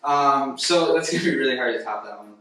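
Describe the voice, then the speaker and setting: A man's voice: medium pitch, brisk, background noise. A young man hosting a casual comedic film review, talking in a loose, rambling way with many fillers. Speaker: host. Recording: very echoey room, distant mic.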